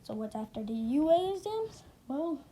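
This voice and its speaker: Girl telling a fan story, rambly and forgetful, high but mellow voice. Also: big pitch swings, moderate pace, a little hiss or hum, rough recording. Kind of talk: casual fan story narration.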